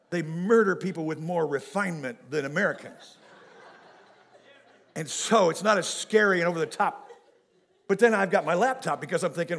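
Folksy preacher man, animated sermon. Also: fairly high pitch, creaky. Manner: folksy and animated, talks straight to the congregation. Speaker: pastor.

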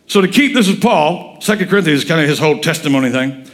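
Middle aged pastor guy, high voice, folksy sermon, asks the crowd questions. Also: fast talker. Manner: animated, folksy, quizzes the congregation. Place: church sanctuary.

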